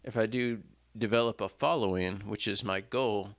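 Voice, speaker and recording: Between songs, a male singer-songwriter chats casually into a stand mic in front of him on a small home stage setup. His voice is fairly low and moderately paced, and he rambles self-deprecatingly with lots of fillers and restarts.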